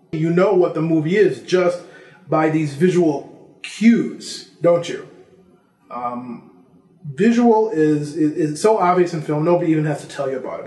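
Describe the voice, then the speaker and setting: High-voiced man giving a casual film lesson. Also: darkish tone, reverberant. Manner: conversational, lists examples. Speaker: filmmaking instructor. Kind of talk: casual vlog lecture.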